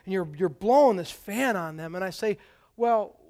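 A pastor delivering a sermon in a church, conversational and emphatic, with swells of volume. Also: male voice, sits high, lively intonation, moderate pace, darkish tone. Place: church sanctuary.

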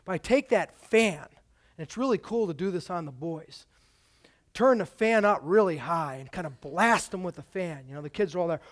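Male pastor, high voice, conversational sermon style with emphatic peaks. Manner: emphatic, conversational preaching with swells of volume. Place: church sanctuary.

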